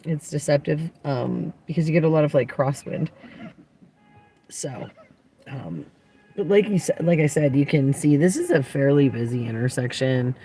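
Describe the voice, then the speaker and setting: A woman's voice: sits low, lively intonation, moderate pace, dark tone, faint music behind. A woman hosting a casual livestream from inside a parked car, chatting in an upbeat, rambling way. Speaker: livestream host. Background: passing traffic.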